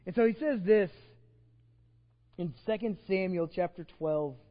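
High-voiced man preaching in a reverberant church. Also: unhurried. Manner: retells scripture in everyday slang, animated. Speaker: pastor. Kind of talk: sermon. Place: church sanctuary. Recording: reverberant church hall, slightly dull sound.

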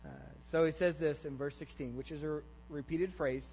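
A man's voice: fairly high pitch, steady tone, brisk. Pastor quizzing his congregation. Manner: quizzes the congregation, repeats "okay?" and "all right?". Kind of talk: interactive sermon. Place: church sanctuary. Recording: dull echoey church recording with mains hum.

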